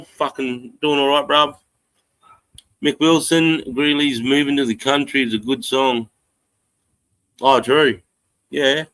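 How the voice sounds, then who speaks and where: Australian man, live-stream host, loose rambling chat, sweary, bright tense voice, dry close sound. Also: mid-range voice, fairly even intonation, slow pace, pauses often, no echo, poor audio. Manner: rambling, swears freely, reads out chat comments. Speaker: livestream host. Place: home in the countryside.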